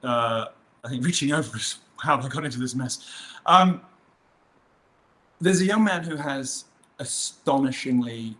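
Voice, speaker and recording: A man's voice: mid-range voice, a bit bright. A man speaking as an interview guest in a casual conversation, rambling with frequent restarts and a mocking, provocative manner. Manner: rambling, with many restarts and fillers.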